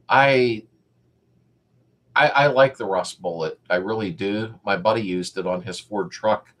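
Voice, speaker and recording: Middle-aged male host, a bit low in pitch, chatting loosely with viewers. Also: breathy edge. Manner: rambling, reads chat comments aloud and greets viewers by name. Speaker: live stream host. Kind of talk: casual live chat with viewers.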